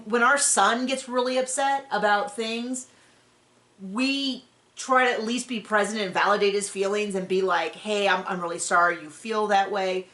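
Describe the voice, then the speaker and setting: A woman's voice: a little high, pushed and bright. A woman hosting a podcast, recapping a reality show in casual, opinionated chat with frequent restarts. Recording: roomy echo.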